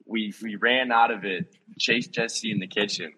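A man's voice: on the low side, steady tone, normal speed, sharp tone, low-quality recording. A young man in his twenties, a reality show contestant, telling a funny story in a laid-back, laughing way. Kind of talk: casual chat.

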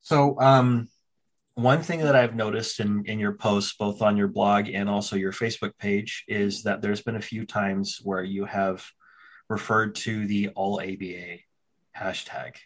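A man's voice: fairly low pitch, fairly even intonation, a little slow. A man hosting a podcast interview, speaking candidly and self-reflectively, with frequent hesitations.

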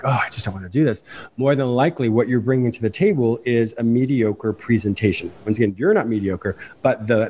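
A man rattles off ideas at a rapid clip in an animated remote interview. His voice sits in an ordinary middle pitch, and his words tumble quickly. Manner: rapid, animated, apologizes for speed. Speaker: podcast host and guest. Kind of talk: fast interview talk.

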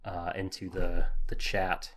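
A man's voice: deep voice, monotone, takes it slowly, a bit bright, slight background noise. Rambling man co-hosting a podcast. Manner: rambling, self-deprecating, many fillers and restarts. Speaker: podcast co-host. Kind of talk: casual anime discussion chat.

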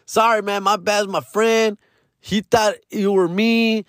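A man quoting his male friend in a story, apologetic and slangy, calming a tense moment. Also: high voice, takes it slowly, no echo, clean studio sound, pitched above the performer's own voice. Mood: placating. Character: his easygoing male friend smoothing things over.

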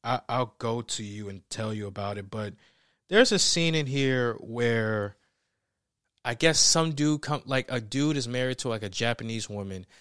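A man's voice: mid-range voice, moderate pace. Young guy ranting about a movie, slangy, cusses a lot, dry room no echo. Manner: animated, emphatic, slangy, swears freely. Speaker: film reviewer. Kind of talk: casual spoken film review.

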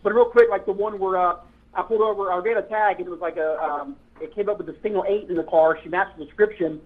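A high-voiced man tells old police stories in loose, rambling chat, laughing and catching his own mix-ups along the way. His voice comes through a thin, phone-like line. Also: fairly even intonation, quick pace. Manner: rambling, self-correcting, laughs while telling stories. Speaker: podcast host, former police officer. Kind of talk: casual storytelling chat.

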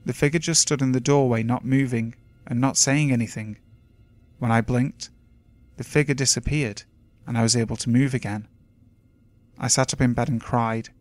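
A man reading submitted scary stories aloud in slow, measured scripted narration. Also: mid-range voice, fairly even intonation, darkish tone, no room sound. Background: faint music.

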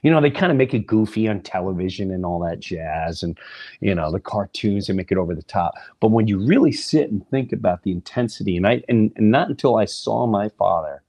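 Husky, animated male storyteller. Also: lowish voice, brisk. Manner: animated storyteller, drops to whispers and acts out voices. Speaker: podcast host. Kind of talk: storytelling monologue.

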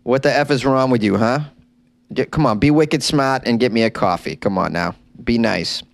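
A man's voice: medium pitch, normal speed, gravelly, natural voice. Man doing a pushy Boston-accented guy.

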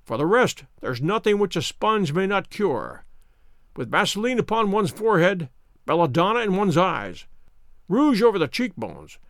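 A man voicing a brilliant, wry male detective who explains in a brisk, ironic, lecturing way. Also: high voice, creaky, fairly bright tone, no room sound, studio quality, heavily acted.

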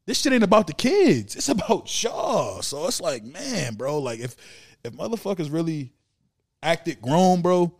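Emphatic, higher-voiced man in casual chat. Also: sing-song, a little slow, a little mellow. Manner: emphatic, profane, repeats words.

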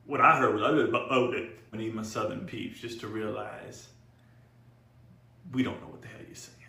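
A man's voice: on the low side, fairly even intonation, moderate pace, creaky, sharp tone, reverberant. A man co-hosting a casual podcast, talking bluntly and swearing in exasperation. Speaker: podcast co-host. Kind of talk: casual chat.

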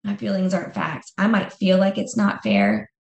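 A woman's voice: medium pitch, normal speed, creaky, a little mellow, roomy sound. A woman speaking as an interview guest in a candid conversation, emphatic and repeating phrases for effect.

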